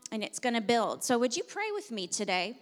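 A woman's voice: a little high, brisk. Woman pastor preaching in a reverberant hall. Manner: animated storytelling, laughing at times, then prayer. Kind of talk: sermon. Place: church sanctuary.

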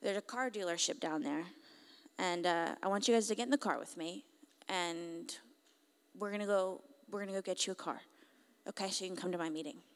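A woman voicing a kind, generous grown man who speaks in a gentle, reassuring way. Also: fairly low pitch, fairly quick, clean tone, close to an everyday voice. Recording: long reverb.

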